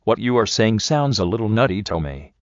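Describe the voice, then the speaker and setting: A man's voice: fairly low pitch, very animated, a little fast, no echo, lo-fi sound. A man voicing a determined male police detective who talks in a blunt, terse way.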